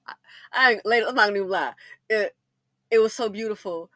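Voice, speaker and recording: A woman's voice: mid-range voice, normal speed, no echo. A middle-aged woman, telling stories in a casual commentary monologue, laughing and addressing the ladies directly. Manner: laughs and breaks into loud exclamations. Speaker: commentary channel host.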